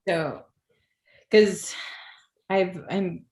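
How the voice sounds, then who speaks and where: A woman's voice: fairly low pitch, extremely slow, a little mellow, reverberant. A woman hosting a casual interview, giggly and encouraging toward her guest. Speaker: interviewer, show host.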